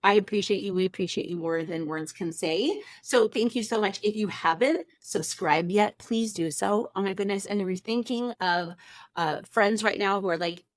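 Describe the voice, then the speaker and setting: A woman's voice: mid-range voice, normal speed, no room sound. A woman hosting a motivational podcast, talking in a gushing, effusive way with lots of exclamations and thanks to her listeners. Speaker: podcast host. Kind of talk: upbeat motivational podcast talk.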